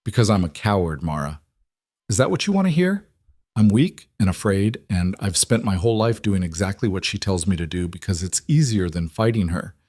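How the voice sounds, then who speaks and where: A man's voice: low-pitched, animated, brisk, darkish tone, dry recording, studio quality. A man playing a guarded young husband, curt and raw, worn down and tired. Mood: weary. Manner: curt, then raw and cracking.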